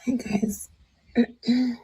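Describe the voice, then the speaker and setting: A woman's voice: a little high, flat delivery, very slow, warm tone, slightly rough, poor audio. Chatty woman vlogging to her viewers. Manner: rambling, chatty, addressing viewers. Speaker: vlogger mother. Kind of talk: casual vlog chat.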